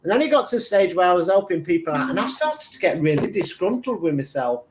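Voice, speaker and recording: Speaking quickly in a high voice with big pitch swings, a man gives a rambling psychic reading over slight background noise. He is a tarot reader and medium on a live stream, chatty and meandering, full of fillers and restarts, acting out his inner arguments.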